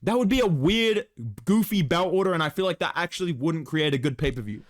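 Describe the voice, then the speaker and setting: A man's voice: fairly high pitch, expressive, brisk, no echo, clean studio sound. A man co-hosting a casual sports reaction chat, heated and profane as he rants. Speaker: podcast co-host.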